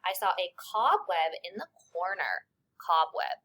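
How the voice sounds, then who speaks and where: A woman teacher leading young children through a spelling lesson, sounding out letters and sounds slowly and clearly. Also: on the low side, very animated, pushed and bright.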